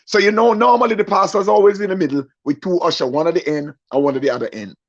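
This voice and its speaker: A man's voice: sits high, fast talker. A young man, performing a stand-up story and acting out the people in it, often turning to ask the audience questions. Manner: animated storyteller, acts out voices, asks the audience. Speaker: comedian. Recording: muffled lo-fi recording.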